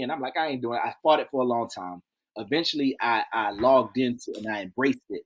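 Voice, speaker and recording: A man as an interview guest, telling stories in a lively, folksy way, acting out quotes and repeating key phrases. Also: mid-range voice, a little fast, slightly rough. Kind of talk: animated interview storytelling.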